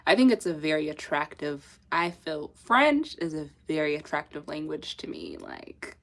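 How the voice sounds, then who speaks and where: With a deep, sing-song voice at a moderate pace, a young southern African woman hosts a casual livestream. She chats, laughs often, reads out viewers' messages, and drops in the occasional French phrase.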